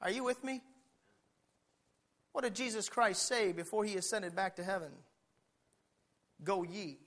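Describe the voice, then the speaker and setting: A male pastor delivers a fiery sermon. His voice sits high and sounds bright and forceful. He drops to quiet talk, then climbs into shouting. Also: moderate pace.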